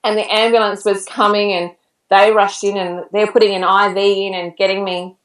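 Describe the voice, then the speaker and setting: A woman's voice: mid-range voice, level tone, moderate pace, distant mic. A woman in her thirties, a podcast guest, telling a personal story in a chatty way and laughing now and then. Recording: roomy echo, set back from the mic.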